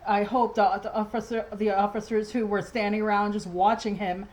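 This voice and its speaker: A woman's voice: medium pitch, level tone, moderate pace, darkish tone, low-quality recording. A woman ranting in a casual home vlog from her dining room, agitated and rambling, with many restarts and fillers. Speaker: vlogger.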